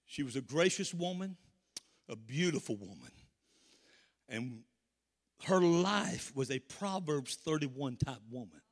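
A man from the American South with a Southern accent, preaching a sermon with call-and-response and rising to shouts. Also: medium pitch, expressive, unhurried, long pauses, in a large hall.

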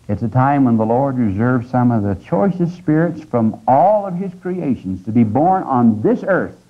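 Guy giving a fervent religious lecture, mid pitch, muffled old tape sound. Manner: earnest, exhorting, with sudden rises in pitch and stress; slows down for quoted scripture and sayings. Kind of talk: recorded lecture to a live audience. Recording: dull lo-fi 1989 lecture tape.

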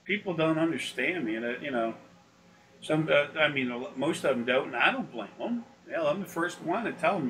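A man's voice: a little high, expressive, fairly quick, a bit bright, far from the mic, low-quality recording. A man talking as a spiritual consultant in a casual, rambling, folksy way, often acting out voices in his stories.

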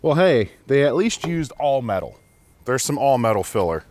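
A man's voice: medium pitch, big pitch swings, moderate pace, a little mellow, slight background noise. A man hosting a casual garage vlog, chatting and laughing as he works on a car. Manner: chatty, amused, laughs while working. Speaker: garage host.

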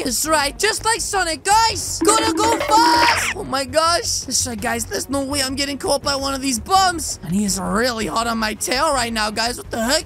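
A woman hosting a role-play gameplay video, chatty and excitable, calling viewers guys. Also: high-pitched. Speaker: gaming video host. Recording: game music behind.

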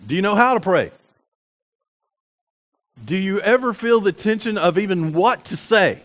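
A man with a notably high voice delivers a church sermon. He talks in a loose, conversational storytelling way, with frequent fillers and restarts. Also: lively intonation, unhurried. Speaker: pastor. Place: church sanctuary.

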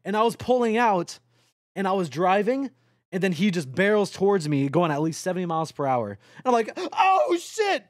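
Young streamer guy, lively up-and-down voice, rambly and swears a lot, dry close mic. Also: high voice, no room sound. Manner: rambling, joking, swearing, talks to chat. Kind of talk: casual live-stream chatter while playing a trucking game.

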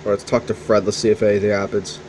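A man hosting a game stream, giving excitable, profane commentary as he plays. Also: on the low side, fast, slight background noise, low-quality recording. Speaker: gaming channel host playing the game. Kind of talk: casual gameplay commentary.

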